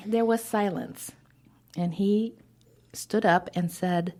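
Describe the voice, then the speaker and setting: A woman advising as a podcast guest, telling stories with animated acted-out dialogue and dropping to a hushed whisper now and then. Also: medium pitch, takes it slowly. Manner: animated storyteller who acts out quoted dialogue. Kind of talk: podcast interview storytelling.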